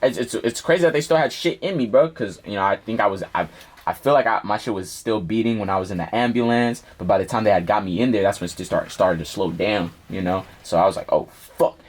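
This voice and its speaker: A man's voice: lowish voice, quick pace. A young man, a rapper, telling a personal story in a casual interview, full of slang and swearing. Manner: slangy, profane, animated storytelling. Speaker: rapper guest.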